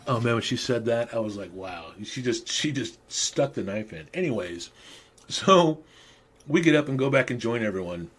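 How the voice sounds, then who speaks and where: Man in his fifties, husky voice, rambling, crude anecdotes, podcast monologue. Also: medium pitch, animated, moderate pace. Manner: rambling, crude, laughing at own stories. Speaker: podcast host. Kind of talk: casual storytelling monologue.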